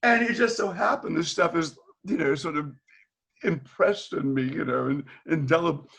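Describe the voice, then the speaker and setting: Older man, from Boston, gravelly, slightly high, storyteller, video call. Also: moderate pace. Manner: animated storyteller, acts out quoted dialogue, laughs often. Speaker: retired teacher, guest.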